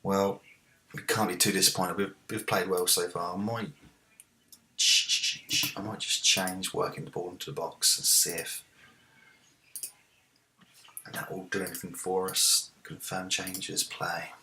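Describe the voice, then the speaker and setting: Man, deep voice, bright tone, let's-play commentary, excitable. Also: a little slow, pauses often, slight background noise. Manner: excitable, shouts at big moments. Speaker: gaming video host.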